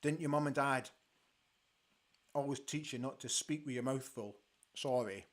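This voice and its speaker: A Scottish man hosting a live football watch-along from a studio, reacting excitedly to the play and chatting about viewers' comments. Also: medium pitch, normal speed.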